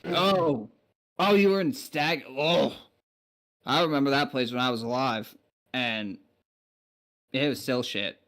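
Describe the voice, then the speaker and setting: A man's voice: medium pitch, measured pace, long pauses, a bit bright. A man playing a foul-mouthed undead knight. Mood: rueful. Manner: swearing freely, rambling. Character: weary crude male undead knight, brought back. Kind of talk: tabletop role-play in character.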